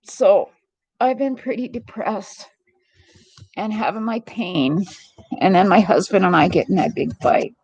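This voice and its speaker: A woman's voice: mid-range voice, measured pace, long pauses, a little mellow, breathy edge, no echo, rough recording. A middle-aged woman hosting a live stream vlog, talking in a rambling, earnest and heartfelt way. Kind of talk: casual confiding monologue.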